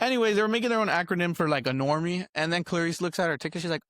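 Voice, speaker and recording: A high-voiced young man tells a story on his podcast, laughing as he goes and acting out each person's lines. The recording is close and dry, with no room sound. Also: quick pace, no echo. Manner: animated, laughs often, acts out quotes. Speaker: podcast host. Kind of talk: casual storytelling chat.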